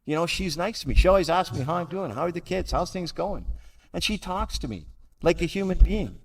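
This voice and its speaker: A man's voice: on the high side, animated, fairly quick. An older man giving a personal recovery talk to a meeting, blunt and dryly self-mocking. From Canada. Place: large convention hall. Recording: hall reverb from a live talk.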